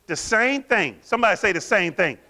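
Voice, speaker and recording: Man, pastor, sermon, bright forceful tone, call-and-response questions. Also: high-pitched, brisk. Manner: animated, quizzes the congregation with call-and-response questions.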